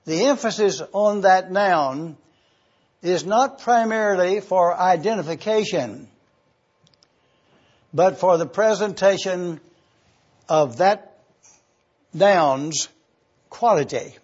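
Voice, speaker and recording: Male preacher, high husky voice, slow deliberate delivery, lo-fi sermon recording. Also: animated, a little mellow. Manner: slow, deliberate teaching with emphatic pauses. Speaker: preacher teaching scripture. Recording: dull lo-fi recording.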